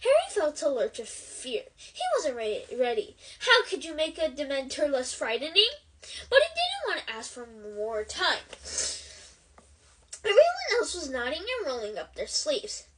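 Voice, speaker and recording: A woman reading a novel aloud in an expressive storytelling manner. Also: sits high, moderate pace, low-quality recording. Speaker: book reader.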